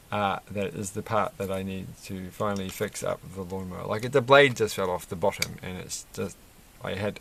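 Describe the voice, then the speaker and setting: A man's voice: low voice, gravelly, a little hiss or hum. A man chatting casually and rambling as he builds a Lego set at his desk, with lots of fillers and restarts. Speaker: Lego reviewer. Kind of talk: casual chat while building.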